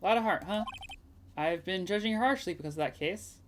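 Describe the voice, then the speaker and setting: A woman's voice: on the low side, fairly quick, over music, pitched above the performer's own voice, natural voice. A woman voicing an earnest young male defense lawyer in a plain, mildly wry way, reading game dialogue. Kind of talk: game dialogue read aloud.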